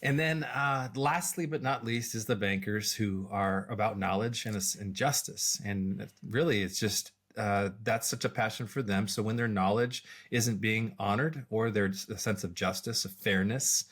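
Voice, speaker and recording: A middle-aged man, a podcast co-host and executive coach, explaining ideas in a measured way with many fillers and restarts. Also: fairly low pitch, a bit bright. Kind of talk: casual explanatory chat.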